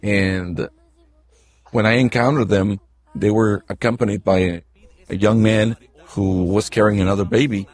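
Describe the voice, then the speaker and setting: A middle-aged man, a news reporter, telling stories in an interview in a halting way, with many restarts and fillers. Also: on the low side, steady tone, darkish tone, no room sound. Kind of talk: interview storytelling.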